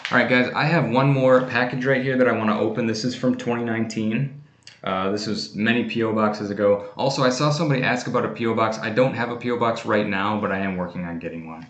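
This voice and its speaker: Casual male streamer, low voice, relaxed rambling delivery, echoey room. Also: quick pace. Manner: chatty and easygoing, many fillers and restarts. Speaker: coin collecting channel host. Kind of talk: casual livestream chat, opening fan mail.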